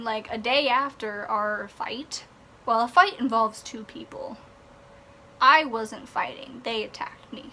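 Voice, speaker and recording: A woman's voice: on the high side, bright, forceful tone, slight background noise. A young woman ranting in a vlog, exasperated and sarcastic, sighing and swearing. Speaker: vlogger.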